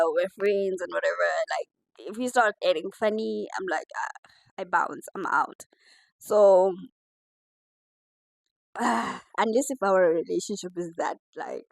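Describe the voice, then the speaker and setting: A woman giving casual, animated commentary on a reality TV show. She laughs often as she reacts. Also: fairly low pitch, gravelly, no room sound, rough recording. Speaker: reality TV reviewer.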